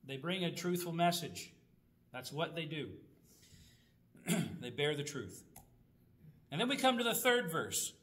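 A man's voice: fairly high pitch, expressive, measured pace, pauses often, fairly bright tone. A man teaching a Bible study in a conversational way, asking rhetorical questions and reading scripture aloud.

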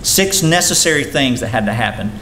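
A pastor's sharp-toned, brisk, animated voice carries his sermon, climbing and falling sharply as he goes. Echo from the room and faint noise are audible in the recording.

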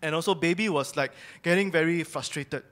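A man's voice: fairly high pitch, a little fast, fairly bright tone. A young man giving a personal testimony sermon at church, telling his story candidly and confessing his own faults. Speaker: church speaker sharing testimony.

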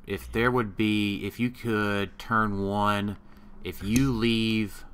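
A man with a very deep voice and a bright, forceful edge gives strategy advice on a game turn. He offers his suggestions casually and restarts his sentences as he works out the idea. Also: little pitch movement, takes it slowly, clear, resonant tone.

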